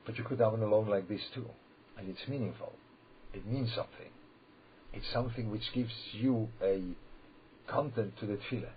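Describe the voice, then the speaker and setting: A man giving a holiday sermon as a religious teacher, speaking haltingly, often repeating words and restarting, and checking in with his listeners. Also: fairly low pitch, slight background noise. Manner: checks in with listeners, asking "yeah?". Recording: slightly dull lo-fi recording.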